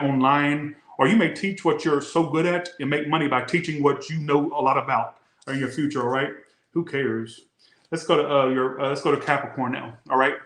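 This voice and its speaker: A man's voice: on the high side, a bit bright, roomy sound. A man from the Southern United States giving a casual, rambling tarot reading, often asking "all right?". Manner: chatty, rambling, says "all right?" a lot. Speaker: tarot reader.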